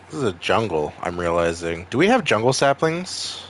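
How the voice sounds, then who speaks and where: A man's voice: lowish voice, very animated, moderate pace, slight background noise. A man with a Maine accent streaming a video game, chatting casually with viewers in a rambling, freely swearing way. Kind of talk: casual gaming stream chat.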